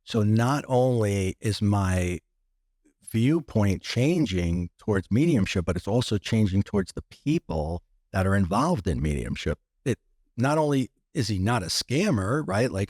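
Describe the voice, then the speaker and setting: A man's voice: on the low side, animated, moderate pace, darkish tone, dry recording, studio quality. A man guest on a podcast, telling a personal story with many restarts and acting out what others said.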